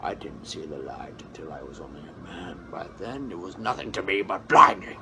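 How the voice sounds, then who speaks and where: A man impersonating a cold, imposing masked male villain, speaking slowly in a muffled, deep whisper. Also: animated, pushed and bright, a little hiss or hum, exaggerated voice. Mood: menacing.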